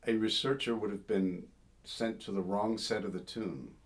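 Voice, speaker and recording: A very low-pitched man talks through the history of an old song in a relaxed, digressive way. He muses aloud, pauses on details, and now and then breaks into a sung phrase to make his point. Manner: thoughtful, digressive, sings short phrases to illustrate. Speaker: folk singer and song scholar. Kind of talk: informal spoken commentary on a song.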